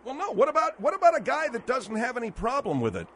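Lively male talk radio host. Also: very high voice, fast, noisy background.

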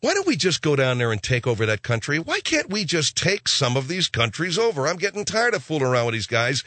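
A man's voice: on the high side, huge pitch swings, a little fast, pushed and bright, no room sound. A man hosting a talk radio show, riffing in a rambling comic rant full of hip slang.

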